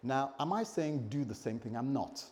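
A middle-aged male pastor preaching to his congregation, telling a personal story with lively, self-mocking humor. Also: mid-range voice, moderate pace. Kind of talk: sermon. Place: church, speaking to a congregation.

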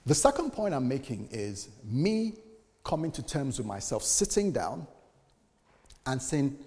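A man's voice: mid-range voice, very animated, unhurried, mellow. A male pastor preaching a sermon in a conversational style, full of rhetorical questions. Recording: echoey hall.

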